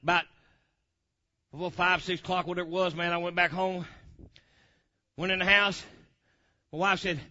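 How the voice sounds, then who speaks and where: A man telling a testimony in a sermon, swinging from loud hollering to low, quiet asides. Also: normal speed, pauses often. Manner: animated storyteller, swings from hollering to low murmurs. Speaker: preacher. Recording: dull lo-fi recording.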